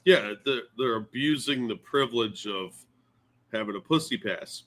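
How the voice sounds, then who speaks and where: A man's voice: medium pitch, moderate pace, a bit bright. A man co-hosting a podcast, agreeing and adding dismissive remarks in casual chat. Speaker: podcast co-host.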